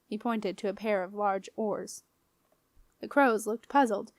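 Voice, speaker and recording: A woman reading a children's fantasy novel aloud as an audiobook narrator, in a clear, even storytelling manner. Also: mid-range voice, unhurried, no echo. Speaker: audiobook reader.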